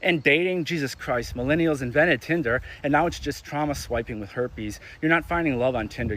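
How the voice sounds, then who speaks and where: A young man delivering a crude, sarcastic comedic rant, exasperated and animated, with sudden loud spikes. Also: on the high side. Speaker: ranting commentator.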